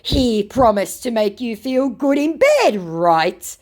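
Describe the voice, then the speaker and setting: A woman voicing a smug male online scammer in a slow, mocking sneer. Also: fairly high pitch, very animated, a little mellow, voice pushed up.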